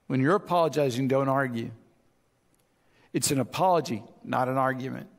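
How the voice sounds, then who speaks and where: Pastor preaching in a big hall. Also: male voice, a little high. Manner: conversational preaching, acts out both sides of arguments. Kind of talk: sermon. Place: large church auditorium.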